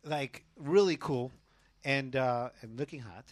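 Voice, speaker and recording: A man's voice: medium pitch, a little slow. A man co-hosting a casual talk show, joking and rambling in slangy speech. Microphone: studio mic.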